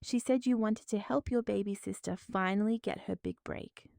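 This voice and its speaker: A woman voicing a middle-aged mother who speaks in a sharp, reprimanding tone. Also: mid-range voice, moderate pace, gravelly, dry recording, studio quality, natural voice.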